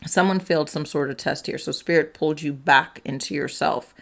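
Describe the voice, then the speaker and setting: A woman giving a casual tarot reading, chatty, peppering her talk with "like" and "right?", and slipping into quick acted-out quotes. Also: low-pitched, vocal fry. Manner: chatty, fills speech with "like" and "right?". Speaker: tarot reader.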